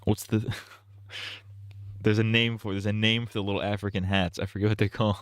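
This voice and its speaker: A man's voice: on the low side, little pitch movement, a little fast, clear, resonant tone, no room sound. A young man rambling crude jokes on a casual gaming livestream. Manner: crude, rambling, giggly banter.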